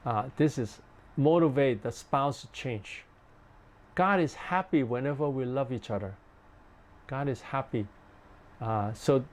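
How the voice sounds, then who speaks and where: A man, a pastor, giving a ministry training talk in simple, repeated phrases with many "uh" fillers, sometimes acting out gentle questions a spouse might ask. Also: mid-range voice.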